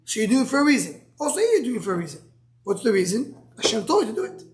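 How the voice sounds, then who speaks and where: A man's voice: very high-pitched, big pitch swings, racing. Style man teaching a Talmud class. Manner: thinks aloud with many restarts, fields student questions.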